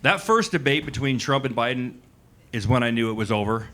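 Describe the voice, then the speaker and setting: Brisk and expressive, this man speaks in a mid-range voice with a sharp edge. He's a stand-up comedian in his forties on a comedy club stage, giving a live audience a loose, conversational set laced with "likes" and asides.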